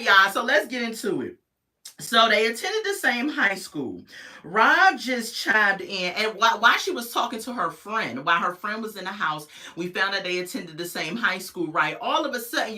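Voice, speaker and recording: Lively, bright-voiced woman live-streaming. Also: medium pitch, a little slow. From United States. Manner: chatty, greets viewers in the chat, laughs often. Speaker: host of a live reality-show review stream. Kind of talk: casual livestream commentary.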